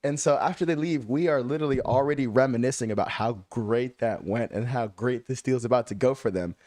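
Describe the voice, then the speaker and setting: A man's voice: medium pitch, a little fast, no room sound, studio quality. A man co-hosting a casual podcast, telling a story among friends, acting out what people said and often breaking into laughter. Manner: animated, acts out quotes, laughs often. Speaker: podcast co-host.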